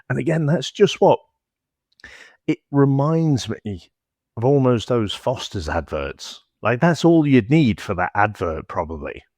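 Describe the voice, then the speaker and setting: Low-voiced reflective man. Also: dry recording, clean studio sound. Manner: reflective, measured, chuckling. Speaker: podcast co-host. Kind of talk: casual film review chat.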